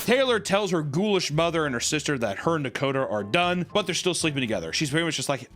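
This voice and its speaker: A man's voice: a little high, lively intonation, quick pace, hardly any pauses, a bit bright, soft background music. A man casually recapping a reality show for a comedy podcast, laughing often and mocking the cast with silly voices. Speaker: podcast co-host.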